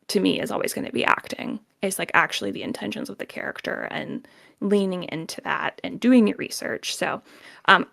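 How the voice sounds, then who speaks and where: A woman voice actor talks casually as an interview guest, with a gravelly, slightly fried edge to her mid-pitched voice. She laughs often and keeps dropping "like" as she explains her points. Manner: chatty, laughs often, many "like" fillers.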